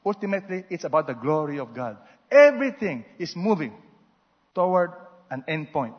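A man preaching a sermon, swinging between loud exhortations and soft asides and having the congregation repeat after him. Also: on the high side, very animated, normal speed, slightly rough. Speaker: pastor. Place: large church hall. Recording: muffled sound with long hall reverb.

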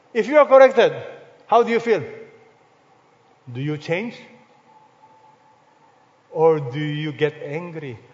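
A man with a Filipino accent preaching a sermon as pastor, firing rhetorical questions and swinging between loud stresses and hushed lines. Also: sits high. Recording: reverberant hall, dull lo-fi sound.

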